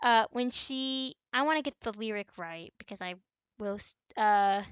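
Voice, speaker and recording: A young woman co-hosting a podcast in casual chat, chatty and quick to laugh. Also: mid-range voice, clean tone, no echo, muffled recording. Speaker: podcast co-host.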